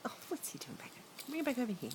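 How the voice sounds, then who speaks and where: A woman's voice: on the high side, big pitch swings, racing, noisy background. A mother reading a picture book aloud to her small son, playful and coaxing, joining in with animal noises.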